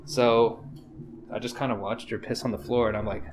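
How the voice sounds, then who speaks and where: A man's voice: mid-range voice, little pitch movement, normal speed, background noise. A man hosting a podcast, telling casual stories in a rambling, profane way. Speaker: podcast host.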